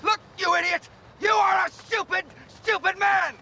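Man playing a screaming police sergeant, very high and piercing, wildly swooping, furious. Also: steady tone, moderate pace, bright, forceful tone, raised voice, a little hiss or hum, full character voice, rough recording. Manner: screaming insults. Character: furious shouting adult male police sergeant.

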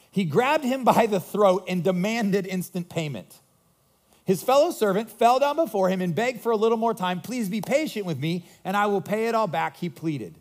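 High-voiced, conversational male pastor. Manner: conversational, animated storytelling with quips. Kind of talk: sermon.

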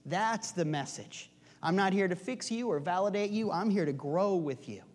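Man doing calm male teacher, earnest, direct, high-pitched, in a sermon. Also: moderate pace.

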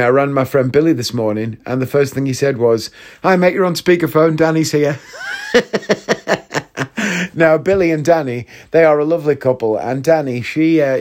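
A man's voice: fairly high pitch, a little mellow. A young man hosts his podcast and runs through comic anecdotes in a loose, rambling way. He swears freely and keeps the tone cheeky and casual. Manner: chatty, swears freely, jumps between anecdotes. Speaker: podcast host. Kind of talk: casual comedic monologue.

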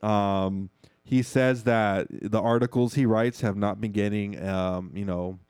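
A man hosting a podcast, recapping a movie in loose, profane chat and acting out lines in quick asides. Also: on the low side, fairly even intonation, a little mellow, smooth, no room sound, studio quality. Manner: profane, keeps calling listeners "foos", acts out movie dialogue in quick asides. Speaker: podcast host.

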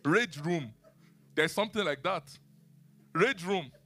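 A man preaching a sermon and teaching the Bible, animated, asking his listeners questions and laughing often. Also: fairly high pitch, slow pace, faint music behind.

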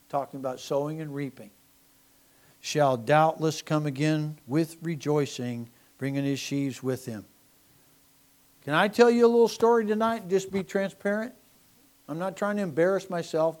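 A middle-aged man preaching a sermon, animated, swinging from loud emphasis to soft asides. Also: on the high side. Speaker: pastor.

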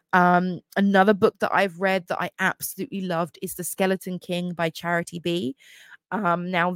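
Woman, young adult, podcast host, casual chat, excitable, many fillers, lowish pitch, dry recording. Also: no room sound. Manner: gushing, chatty, frequent fillers.

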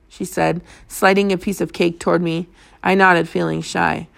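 A woman narrating a novel aloud in the first person, with plain, steady storytelling. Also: on the low side, normal speed, gravelly. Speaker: audiobook reader.

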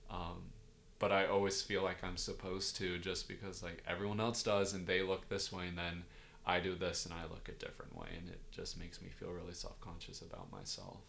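A young man with a very low voice chats casually on a podcast. He speaks loosely, full of fillers and self-deprecating asides. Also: brisk, gravelly, fairly bright tone, a little hiss or hum. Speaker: podcast co-host. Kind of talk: casual chat.

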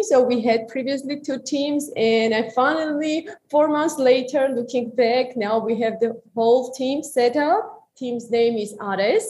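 A friendly woman in her thirties speaks with an Armenian accent, her voice sitting a little high. She chats casually as an interview guest, phrasing things a bit haltingly. A faint hiss of noise runs under her voice. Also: a little mellow. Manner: friendly, slightly halting non-native phrasing. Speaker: guest, engineering manager.

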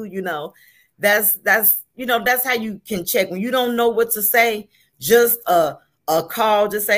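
Speaking at a moderate pace in a mid-range voice, a grandmother appears as a guest on a talk show and chats casually but earnestly, repeating words as she drives her point home.

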